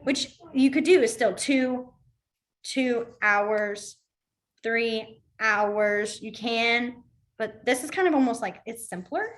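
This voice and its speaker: A young adult woman teaching a beginners' sign language class, explaining hand movements in a chatty way with quick asides. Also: fairly high pitch. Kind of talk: casual online class instruction.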